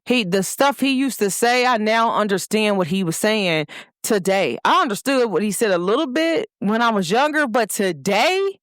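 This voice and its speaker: A woman's voice: mid-range voice, expressive, moderate pace, a bit bright, dry recording, clean studio sound. A young woman hosting her own show, giving a casual motivational talk with emphasis and speaking straight to her listeners. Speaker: host.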